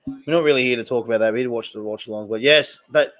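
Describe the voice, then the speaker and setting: A man's voice: mid-range voice, rapid-fire, fairly bright tone. A young man with an Australian accent casually chatting and reacting to plays as he hosts a live stream watch-along, rambling between topics. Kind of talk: casual live commentary and chat.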